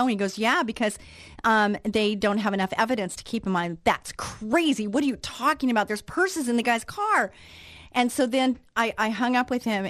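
A woman's voice: medium pitch, no echo. Woman radio host, chatty storyteller, acts out the voices, dry close sound. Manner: animated storyteller, acts out quoted reactions. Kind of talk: casual storytelling and devotional talk.

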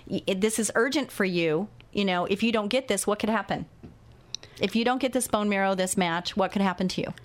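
A woman's voice: medium pitch, fairly quick. A woman hosting a radio talk show, interviewing a guest and making earnest, urgent appeals to listeners.

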